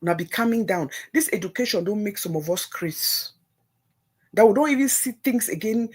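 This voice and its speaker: A woman with a Nigerian accent hosting a livestream, giving opinionated solo commentary in an animated way, slipping into Pidgin and mocking others' voices. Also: medium pitch, normal speed, husky. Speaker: livestream host.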